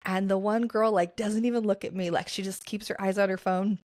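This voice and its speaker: A woman's voice: mid-range voice, fairly even intonation, brisk, a little mellow. A young woman hosting a podcast, telling a personal story in a chatty way and acting out the voices of the people she quotes. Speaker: podcast host.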